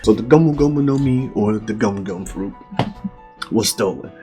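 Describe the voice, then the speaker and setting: A man's voice: fairly low pitch, moderate pace, dark tone, faint music behind. A man retelling a story in a casual, slangy, profane way as host of a recap show.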